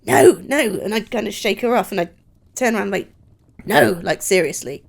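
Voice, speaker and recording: Gravelly-voiced woman playing in character. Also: mid-range voice, a little fast. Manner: hesitant in-character talk with fillers. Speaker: player. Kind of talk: playing a tabletop game in character.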